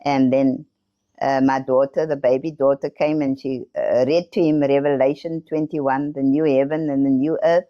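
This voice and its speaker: A woman's voice: very deep voice, fairly even intonation, normal speed, muffled recording. Woman telling her testimony. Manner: earnest storytelling, acts out voices in quotes. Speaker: testimony speaker. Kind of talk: personal testimony.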